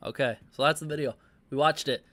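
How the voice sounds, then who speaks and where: A man giving reaction commentary and reading viewer comments, halting often with fillers and stuttered restarts. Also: on the high side, fairly even intonation, no echo. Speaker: commentary YouTuber.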